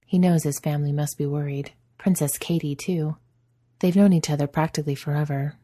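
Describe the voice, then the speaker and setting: Low, husky woman narrating a story. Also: steady tone, brisk, warm tone. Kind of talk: audiobook narration.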